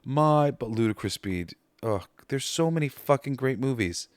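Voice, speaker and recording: A man hosting a podcast, chatting casually and excitedly about favorite comedy films, swearing and laughing as he retells scenes. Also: mid-range voice, moderate pace, no echo, clean studio sound. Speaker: podcast host. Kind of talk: casual movie ranking chat.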